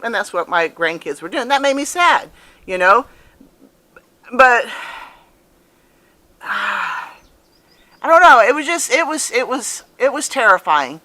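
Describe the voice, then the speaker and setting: A woman's voice: on the low side, bright, forceful tone. A woman in her fifties telling a personal story to camera in a casual, earnest way, repeating phrases for emphasis. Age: 50s. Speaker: vlogger.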